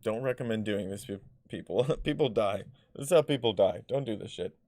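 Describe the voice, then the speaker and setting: A man's voice: fairly low pitch, fairly quick, mellow, no room sound, clean studio sound. A man vlogging personal stories in a casual, rambling way, full of fillers, restarts and blunt swearing. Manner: rambling, filler-heavy, loses his thread.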